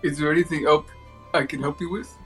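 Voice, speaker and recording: A man's voice: a little high, steady tone, fast talker, a bit bright, breathy edge, soft background music. A man voicing a terse, dutiful male courier who refers to himself in the third person.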